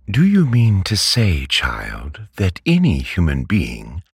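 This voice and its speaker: A man putting on a domineering old aunt from a storybook, curt and commanding, raised higher than his deep voice, a gravelly, husky edge, dry close sound. She barks orders and brooks no contradiction. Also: wildly swooping pitch, slow, no room sound, full character voice. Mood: stern. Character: stern, brisk elderly aunt, domineering and abrupt.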